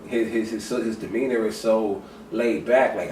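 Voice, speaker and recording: Emphatic low-voiced man, echoey room. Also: fairly even intonation, normal speed, few pauses. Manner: emphatic, repeats his points. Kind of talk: casual discussion. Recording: roomy echo, distant mic, clear noise.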